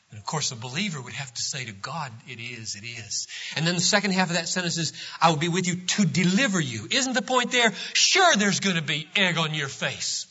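Male pastor preaching a sermon, high bright voice, emphatic swells, dull lo-fi recording. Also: sing-song, brisk, hardly any pauses, husky. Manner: swings from hushed to loud emphatic preaching.

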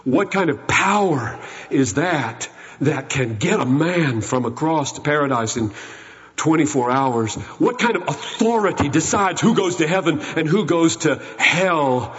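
A man preaching a sermon, moving from hushed, solemn retelling to loud, urgent exhortation. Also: on the high side, animated, unhurried. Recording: muffled recording with long hall reverb.

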